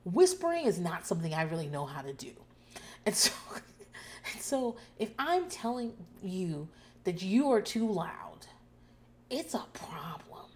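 A woman host talking casually and loudly about a show, profane and animated, acting out people's lines in shouts. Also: medium pitch, a little slow. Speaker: podcast host recapping a TV show. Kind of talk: casual chat.

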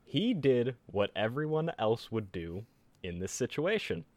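A man hosting a casual podcast, reading out a history story in an animated way. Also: unhurried, no room sound. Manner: animated storytelling with lively pitch. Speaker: podcast host.

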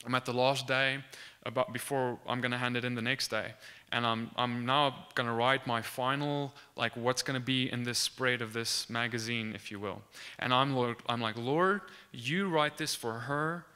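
A young man recounts a faith testimony in a very bright, crisp, clear voice. He tells it earnestly and acts out the dialogue, restarting his sentences as he goes. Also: mid-range voice, little pitch movement, moderate pace. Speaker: student sharing a faith testimony. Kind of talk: animated testimony storytelling.

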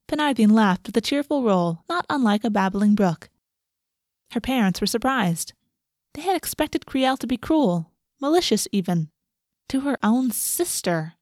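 A woman narrating a storybook in a steady, even reading voice. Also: medium pitch, moderate pace, no room sound, studio quality.

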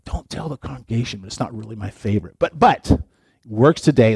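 A man's voice: medium pitch, lively intonation, a little fast, creaky, darkish tone, husky, no room sound, studio quality. A middle-aged man, a pastor, giving a playful, chatty sermon and talking directly to his listeners. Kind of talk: casual sermon.

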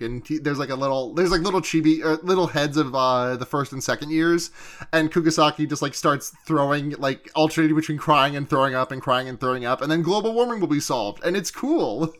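A man casually recapping anime episodes on a podcast, rambling excitedly, swearing often and quoting characters as he goes. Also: fairly high pitch, fast. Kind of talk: casual chat.

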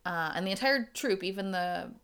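A woman co-hosting a podcast who tells stories with animated energy. She fills pauses with quick acknowledgments and breaks into laughter. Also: medium pitch, clear, resonant tone. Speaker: podcast co-host. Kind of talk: casual storytelling chat.

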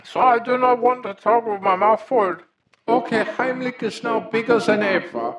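A man's voice: high-pitched, lively intonation, a little slow, highs cut off, a loud crowd. A man voicing a pompous male mushroom creature who calls in to a comedy show and speaks in a formal, grandiose way. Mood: boastful. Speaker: caller.

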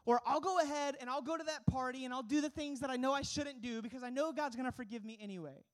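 A man's voice: very high voice, fast, fairly bright tone. A young man preaching as a pastor, earnest and emphatic, asking the congregation rhetorical questions. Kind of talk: sermon.

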